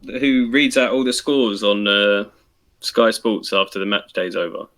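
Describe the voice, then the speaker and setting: Bright-voiced young man hosting. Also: fairly low pitch, normal speed. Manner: laughing, swearing banter. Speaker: podcast host. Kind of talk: casual chat.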